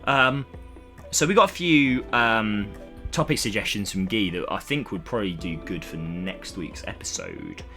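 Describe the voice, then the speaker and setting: A young man chatting on a casual podcast, retelling a comic plot with lively acted-out voices. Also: on the low side, moderate pace. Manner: animated storytelling, acts out characters' lines. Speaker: podcast co-host. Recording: music playing behind.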